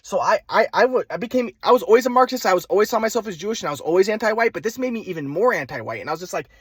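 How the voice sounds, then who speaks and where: A man's voice: sits high, animated, very fast, fairly bright tone, breathy edge, dry recording. A young man telling a personal story in a rambling way, full of restarts and repeated words.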